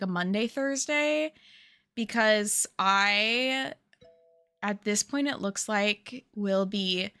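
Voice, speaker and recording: A woman's voice: fairly high pitch, bright, forceful tone, dry recording. A young adult woman streamer in casual chat with her viewers, rambling, giggly and answering chat as she goes.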